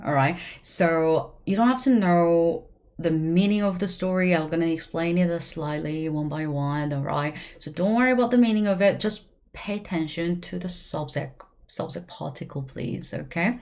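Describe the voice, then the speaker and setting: A woman with a Korean accent, a language teacher explaining grammar in a chatty video lesson, often checking in with "right?" and rattling off quick example sentences. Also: on the low side, expressive.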